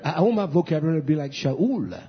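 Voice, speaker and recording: A man preaching a sermon to his congregation, repeating phrases and building to loud, high emphatic peaks. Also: sing-song, fast talker, breathy edge. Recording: dull lo-fi recording.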